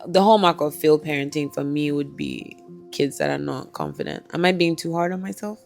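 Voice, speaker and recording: A woman in her role as podcast host talks in a casual, lively way. Her voice sits a little low, with faint music underneath the chat. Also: brisk, gravelly. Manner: lively, chatty, tells stories with laughter.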